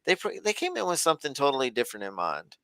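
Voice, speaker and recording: Smooth-voiced man in rambling casual chat. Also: medium pitch, wildly swooping pitch, fast talker, sharp tone, dry recording. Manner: rambling, loose, folksy. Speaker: podcast co-host. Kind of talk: casual chat about a reality show.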